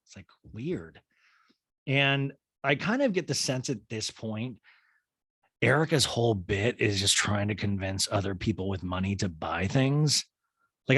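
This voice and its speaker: A man's voice: medium pitch, no room sound, clean studio sound. A man hosting a podcast, recapping a reality show in a casual, mocking way and acting out the quotes. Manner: animated, mocking, acts out quotes. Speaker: podcast host.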